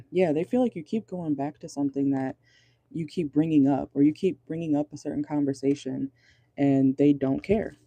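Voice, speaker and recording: A man's voice: a little high, warm tone, no echo. A man giving a casual pick-a-card tarot reading in a car, chatty and amused, laughing often. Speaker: tarot reader.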